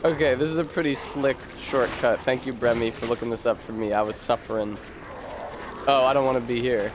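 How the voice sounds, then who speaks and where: A man's voice: mid-range voice, steady tone, brisk, background noise. A man streaming a game, rambling to chat and reading word origins aloud with casual swearing.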